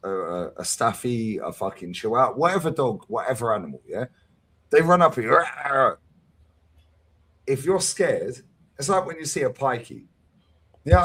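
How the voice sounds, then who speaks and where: Husky, lively man. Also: medium pitch. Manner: swearing, slangy, lively storytelling. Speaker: host of a fan talk stream. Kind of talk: casual chat.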